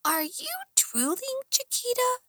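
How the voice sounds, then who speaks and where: A woman voicing a small, grumpy, protective male talking dog in an audiobook, with a squeaky, drawling way of throwing out wisecracks. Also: sing-song, measured pace, pushed and bright, no echo, studio quality, exaggerated voice. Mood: sassy. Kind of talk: audiobook character voice.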